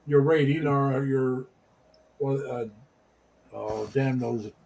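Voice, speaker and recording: A middle-aged man from the States hosting a casual livestream chat, rambling and halting with many fillers. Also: mid-range voice, gravelly, a little mellow, a little hiss or hum, poor audio. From United States. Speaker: livestream host.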